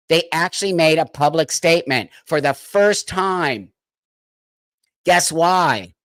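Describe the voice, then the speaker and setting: A man's voice: fairly high pitch, fairly bright tone, no room sound, studio quality. A man hosting a live stream of political commentary, talking straight to his viewers in a heated, emphatic way. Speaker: livestream host.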